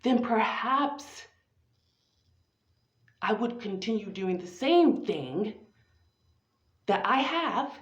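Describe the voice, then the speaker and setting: Woman, fairly high voice, profane spoken-word monologue, theatrical and drawn out, echoey lo-fi room recording. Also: animated, drawn-out words, long pauses.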